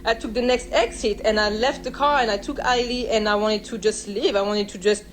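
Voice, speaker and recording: Young woman, emotional and halting. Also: mid-range voice, steady tone, a little hiss or hum, rough recording. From France. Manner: emotional, halting storytelling with frequent restarts. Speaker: vlogger. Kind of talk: personal storytime vlog.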